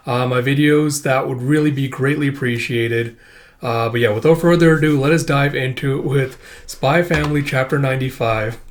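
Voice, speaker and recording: A man hosting a casual manga read-through, rambling with many fillers. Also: mid-range voice. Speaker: host.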